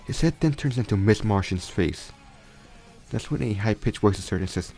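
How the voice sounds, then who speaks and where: A man's voice: fairly low pitch, lively intonation, a little fast, darkish tone, faint music behind. A young man casually retelling a fan story, rambling with frequent restarts and self-corrections.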